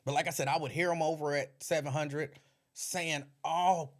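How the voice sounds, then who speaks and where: A man's voice: on the high side, moderate pace. A man hosting his own podcast, chatting casually about his years in radio and laughing often. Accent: Cincinnati area. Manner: laughs often, animated storytelling. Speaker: podcast host, former radio host. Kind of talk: casual livestream chat.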